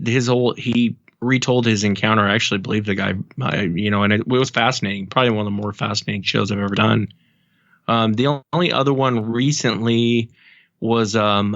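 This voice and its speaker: A man with a lowish voice tells stories as a podcast guest, wandering through them with plenty of ums and restarts. The sound is dry and a little muffled. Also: a bit bright, no echo. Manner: rambling, many ums and restarts. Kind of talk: casual storytelling.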